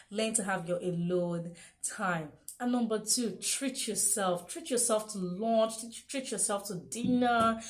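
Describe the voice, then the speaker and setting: A woman's voice: mid-range voice, darkish tone. A young woman giving a motivational self-help talk, repeating key phrases and asking rhetorical questions. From Nigeria.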